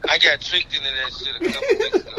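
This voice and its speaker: A man co-hosting a radio talk show, telling loud stories in crude slang and acting out the quotes. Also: fairly high pitch, huge pitch swings, fast talker, noisy background. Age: older than his co-hosts. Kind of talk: casual chat.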